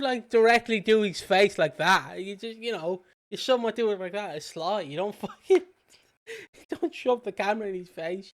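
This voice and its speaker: Man, british, podcast co-host, fairly high voice, smooth clear tone, sweary animated chat. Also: normal speed. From Britain. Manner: animated, sweary retelling with mimicked voices and laughs. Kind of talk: casual chat.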